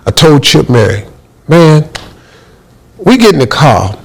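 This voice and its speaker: A middle-aged man telling a comic story in a lively way, acting out quotes and exclaiming as he goes. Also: a little high, measured pace, creaky, long pauses, slightly rough, rough recording.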